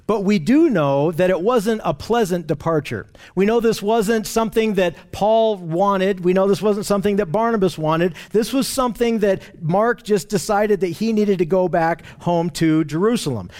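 High-voiced man teaching a Bible lesson. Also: normal speed, hardly any pauses, darkish tone. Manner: explanatory, with frequent restarts and fillers. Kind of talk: Bible study lesson with map.

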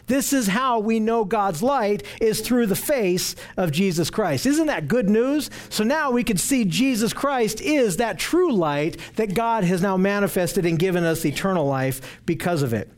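A man teaching through Bible passages verse by verse, earnest and emphatic, repeating phrases for stress and reading scripture aloud slowly. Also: sits high.

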